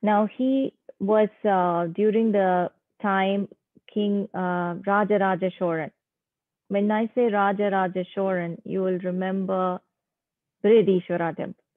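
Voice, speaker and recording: Brief: woman storyteller, devotional tale, emphatic and unhurried, tinny phone-like sound, dry. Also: mid-range voice, no echo. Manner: unhurried, halting with fillers, emphatic.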